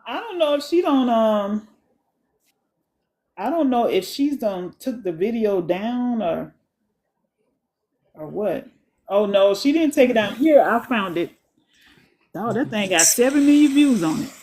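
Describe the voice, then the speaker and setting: A woman hosts a casual live stream. She reacts out loud to a clip she is watching, talking in loose sentences that stop and restart. Her voice sits a little higher than most. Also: animated, unhurried, long pauses.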